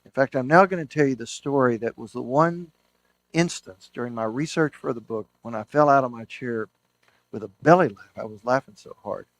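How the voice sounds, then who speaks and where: An animated man lecturing about history, spinning anecdotes with real enthusiasm and frequent restarts mid-sentence. His voice sits at an ordinary middle pitch, and the sound is close and dry. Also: brisk, no echo. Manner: enthusiastic storyteller, self-correcting restarts. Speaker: historian and author giving a book talk.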